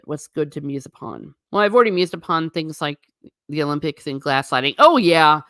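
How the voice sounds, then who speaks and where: Low-voiced woman musing alone, chatty and sarcastic. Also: expressive, a little fast, fairly bright tone, no echo, clean studio sound. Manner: chatty, rambling, sarcastic asides. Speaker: channel host. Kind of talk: casual solo musing. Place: living room.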